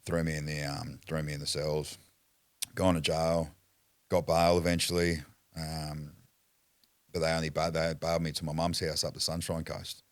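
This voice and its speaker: A man's voice: very deep voice, flat delivery, moderate pace, no room sound. An Australian man telling a story as a podcast guest, blunt and foul-mouthed in casual chat. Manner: blunt, heavy swearing, acts out quotes.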